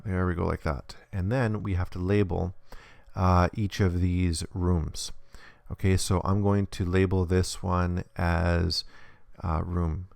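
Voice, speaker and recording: A man with a low, gravelly voice walks through a hands-on demonstration lesson. He explains patiently and step by step, and the recording sounds close and dry. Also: level tone, slow pace, hardly any pauses, darkish tone, dry recording. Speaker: instructor.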